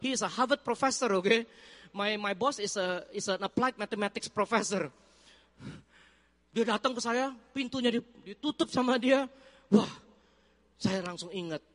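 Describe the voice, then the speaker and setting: Man, Indonesian accent, preacher, animated storytelling, echoing hall. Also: sits high, moderate pace. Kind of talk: sermon testimony. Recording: reverberant hall.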